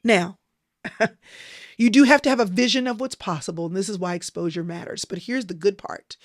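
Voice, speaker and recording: A woman's voice: mid-range voice, no echo, clean studio sound. A woman giving a motivational Christian sermon in an emphatic, repetitive preaching cadence. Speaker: Christian speaker.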